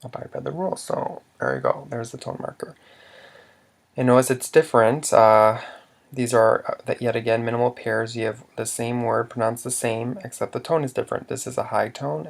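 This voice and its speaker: A man's voice: mid-range voice, vocal fry. A man teaching a language lesson, explaining rules patiently step by step with some fillers.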